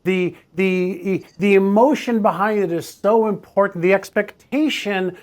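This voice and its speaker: A man's voice: high voice, steady tone, measured pace, a little mellow. A man hosting an interview, talking in a reflective, emphatic way and repeating key points. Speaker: host. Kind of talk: casual interview chat.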